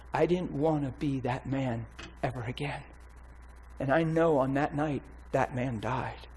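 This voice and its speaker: A man's voice: a little high, slight background noise, low-quality recording. A man preaching his testimony in an impassioned, emphatic way. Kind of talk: testimony sermon.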